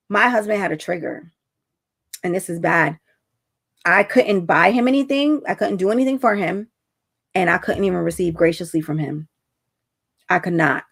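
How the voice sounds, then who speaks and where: Gravelly-voiced woman telling a story. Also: mid-range voice, a bit bright. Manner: chatty storytelling, acts out quotes. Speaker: relationship coach. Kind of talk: casual talk to camera.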